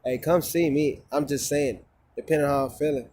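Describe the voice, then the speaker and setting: A man with a fairly high-pitched voice rants casually into a phone camera while outdoors. He rambles, swears freely and says his phrases twice over. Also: steady tone, brisk, darkish tone, a little hiss or hum. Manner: rambling, profane, repeats himself. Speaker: vlogger.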